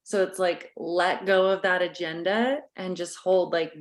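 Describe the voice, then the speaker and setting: A woman leads a parenting group as its coach. She speaks in a gentle, reflective way, with a voice that sits slightly low, and she acts out what parents and kids might say. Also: fairly even intonation, a little slow.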